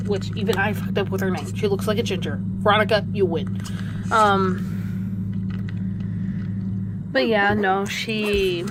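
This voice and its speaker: A woman with a worn-out, hoarse voice telling a long rambling story, casually swearing along the way. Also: mid-range voice, noisy background. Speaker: video creator telling a pet story.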